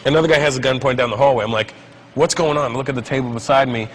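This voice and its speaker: Animated man telling a comic story. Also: mid-range voice, racing, slight background noise, low-quality recording. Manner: animated, acts out the other people's lines in the story. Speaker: stand-up comedian.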